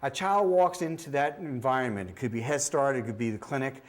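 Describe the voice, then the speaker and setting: In a brisk, medium-pitched voice, a middle-aged trainer demonstrates how children's hearing gets screened. He brings his stories to life by mimicking both the young patients and the beeping tones.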